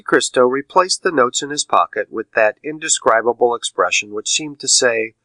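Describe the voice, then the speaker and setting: Man, audiobook narration, expressive, lively pitch, dry close sound. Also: moderate pace, few pauses, no echo. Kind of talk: scripted narration.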